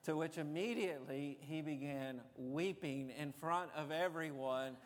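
A man's voice: fairly high pitch, measured pace, big-room sound. A man preaching a sermon as a pastor, telling stories in a conversational way with frequent fillers.

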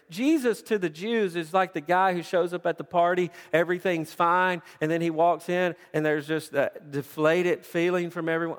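A man's voice: high-pitched, normal speed. A man preaching a sermon with passion, often repeating words as he builds his point. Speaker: pastor. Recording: long reverb of a large hall.

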